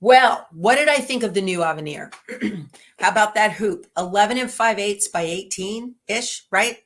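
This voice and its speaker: A middle-aged woman, chatting casually as host of a livestream and talking to viewers in a homey, rambling way. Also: moderate pace. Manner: chatty and homey, talks to her dogs in a high baby voice.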